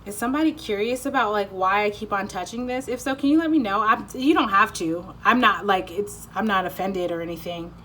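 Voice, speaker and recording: A woman's voice: medium pitch, brisk, few pauses, fairly bright tone, a little hiss or hum. A woman giving a casual tarot reading, rambling with lots of "like", cutting herself off, swearing freely and apologizing often. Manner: rambling, lots of "like", self-interrupting. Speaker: tarot card reader.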